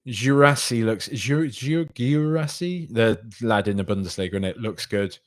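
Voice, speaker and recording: A man's voice: medium pitch, lively intonation, normal speed, no echo. A man hosting a casual fan podcast, reading out listener comments and rambling as he replies. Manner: rambling, repeats himself, chatty with fans. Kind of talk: casual live-stream chat.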